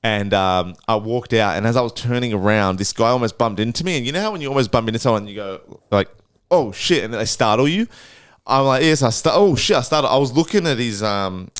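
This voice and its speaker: A man co-hosting a podcast, spinning travel stories with plenty of swearing and acted-out voices. His voice is smooth and clear, and the sound is dry and close. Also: mid-range voice, brisk, dry recording. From Australia. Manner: animated, swears a lot, acts out voices in anecdotes. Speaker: podcast co-host. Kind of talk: casual storytelling chat.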